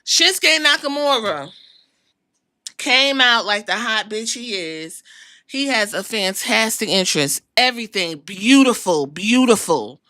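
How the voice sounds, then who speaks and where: Sassy cussing woman running down wrestling on a podcast, bright voice, dry close sound. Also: a little high, expressive, a little slow, no echo. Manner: profane, sassy, storytelling with quoted voices. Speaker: podcast host. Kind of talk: casual wrestling recap.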